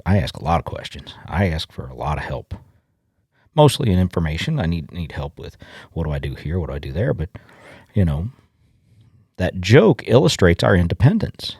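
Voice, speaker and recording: A middle-aged man from Illinois hosting a farming podcast, telling stories in a folksy, halting way. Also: very deep voice, darkish tone, slightly rough, dry recording, studio quality. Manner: folksy storyteller, halting restarts. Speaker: podcast host. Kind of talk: casual podcast monologue.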